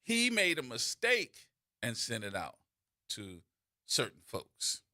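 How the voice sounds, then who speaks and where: Animated New radio host, forceful voice. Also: male voice, medium pitch, slow pace, dry recording, studio quality. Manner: animated storytelling, repeats and restarts. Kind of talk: call-in talk radio monologue. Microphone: studio microphone.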